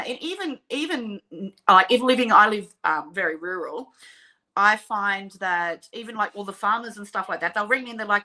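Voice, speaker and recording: An Australian woman hosting a casual chat, talking in an animated way and often trailing off mid-sentence. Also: medium pitch, normal speed. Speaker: host.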